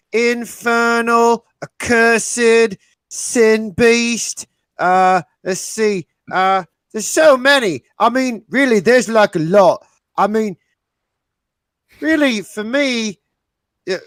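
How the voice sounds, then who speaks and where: A man's voice: sits high, fairly bright tone, clear, resonant tone, no echo. A man playing a tabletop game, trading in-character jokes with a mock-indignant, profane edge.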